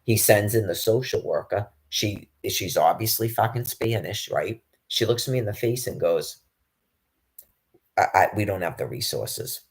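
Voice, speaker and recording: Gravelly low-voiced man ranting profanely. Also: lively intonation, a little slow. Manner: profane, agitated, rambling with frequent restarts. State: homeless. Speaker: public access show guest. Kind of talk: rambling monologue.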